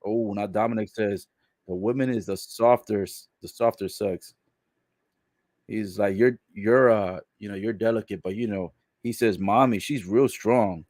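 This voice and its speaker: A man giving a casual live recap of a wrestling show, relaying what is said in the ring and reacting with laughs and loud exclamations. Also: fairly low pitch, measured pace, no room sound, clean studio sound. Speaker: live wrestling watch-along commentator.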